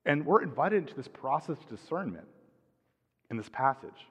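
A middle-aged man preaching a sermon as pastor, calm and measured, letting his phrase ends drop softly. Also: mid-range voice, breathy edge. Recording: dull sound with long hall reverb.

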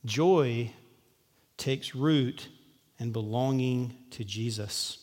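A pastor preaching in an easygoing, joking way, with a mid-range man's voice. He shifts between slow, solemn lines and quick asides. His words ring out through a church hall with long reverb. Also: medium pitch, darkish tone. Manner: conversational, humorous, acts out quoted voices. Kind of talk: sermon.

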